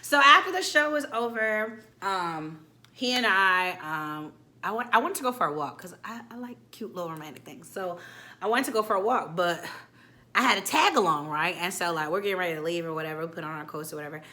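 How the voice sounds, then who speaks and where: Bright-voiced woman telling a story. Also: lowish voice, a little fast. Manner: animated, slangy, acts out quotes. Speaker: storytime vlogger. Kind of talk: casual storytelling.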